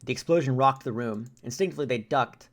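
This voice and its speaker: A man's voice: mid-range voice, fast talker. A man streamer reading a visual novel aloud, breaking in with casual joking asides.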